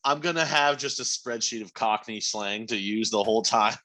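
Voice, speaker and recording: A man co-hosting a podcast, joking and swearing in quick casual chat. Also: lowish voice, bright, forceful tone. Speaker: podcast co-host.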